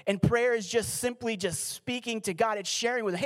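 A very high-pitched male pastor preaches with earnest pleading, and his key lines come slower and close to a hush.

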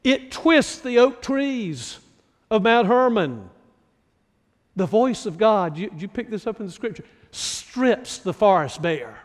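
A male pastor from North Carolina preaching a sermon, slow and deliberate, asking his listeners many questions. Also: sits high, big-room sound.

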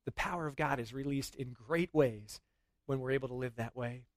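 A middle-aged man preaching a sermon in a church, earnest and rising to excited emphasis at times. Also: mid-range voice, normal speed, no room sound. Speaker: pastor.

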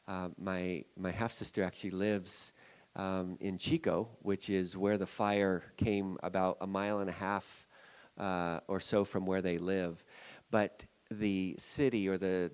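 A man, a pastor, preaching a sermon in an animated way, swinging from loud emphasis to quiet, low asides.

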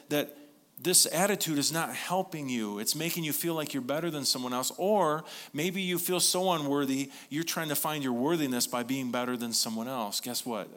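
Bright-voiced male pastor preaching. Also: medium pitch, normal speed. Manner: earnest, conversational preaching with repeated phrases. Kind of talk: sermon.

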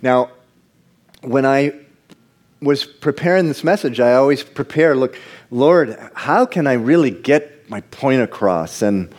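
A man preaching a sermon to a congregation, moving from hushed, slow passages to loud, excited bursts. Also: mid-range voice. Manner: animated preaching, jumps between hushed and loud. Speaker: pastor.

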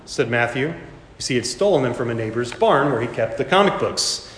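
A man's voice: mid-range voice, lively intonation, fairly quick, fairly bright tone. A man preaching a sermon, telling a story with dramatic rises and voicing the characters in it. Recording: echoey hall, reverberant room.

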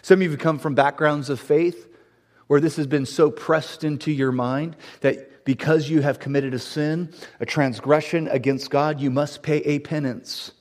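A man preaching a sermon to a congregation, building to loud, emphatic, repeated lines. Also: a little high, steady tone, normal speed. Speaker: pastor.

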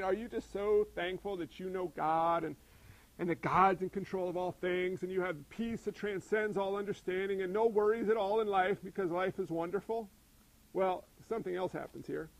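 A man preaching a sermon in an animated way, acting out voices and asking the congregation questions. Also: high voice, creaky, rough recording. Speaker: pastor.

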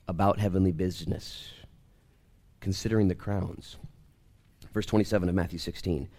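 A man preaching a church sermon, swinging from quiet, slow reading to near shouting, choking up with emotion as he reads scripture aloud. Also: fairly low pitch. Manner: emotional, close to tears while reading scripture. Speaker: pastor.

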